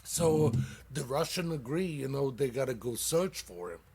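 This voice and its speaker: With a mid-range, creaky voice that has a breathy edge and lively intonation, a man hosts a comedy show. His stand-up dad jokes come out halting, casual, and profane, full of fillers, and he laughs loudly at his own punchlines.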